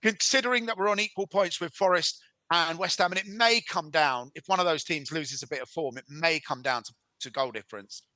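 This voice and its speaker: Excitable man calling football live. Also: on the high side, fairly quick, dry recording. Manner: excitable play-by-play, jokey banter. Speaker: co-host of a match watch-along. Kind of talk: casual live football commentary.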